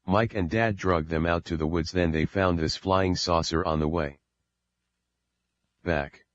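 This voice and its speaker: A man voicing a calm, comforting middle-aged mother in an audiobook, in a steady low voice on a dull recording. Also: a little slow, no echo. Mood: reassuring.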